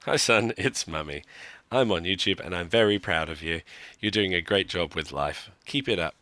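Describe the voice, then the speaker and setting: A man briefly playing a doting mother proudly addressing her son, in his own voice, loud and mock-sweet. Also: deep voice, moderate pace, no echo.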